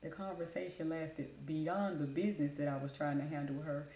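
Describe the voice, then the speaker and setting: Woman vlogger spinning a story, super animated, colloquial, mellow voice in an echoey room. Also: low voice, brisk, dull audio, a little hiss or hum. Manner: animated and colloquial, calls people honey and baby. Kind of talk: casual storytelling.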